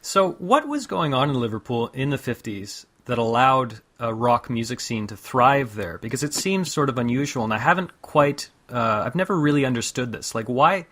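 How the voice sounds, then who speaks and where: A man's voice: mid-range voice, lively intonation, a little fast, few pauses, a bit bright. A man hosting a podcast, asking informal, curious interview questions. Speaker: podcast host.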